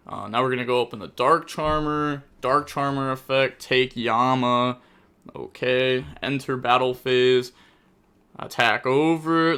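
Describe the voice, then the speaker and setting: A young man with a bright, forward, mid-range voice rapidly commentates a card game replay as host. Growing exasperated, he erupts loudly at his opponent's misplays before settling back into quick analysis.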